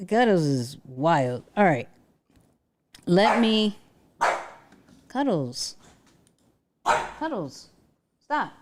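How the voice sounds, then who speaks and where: A woman's voice: mid-range voice, slight background noise. A woman hosting a casual livestream from home, chatting with viewers and talking to her dog. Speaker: livestream host.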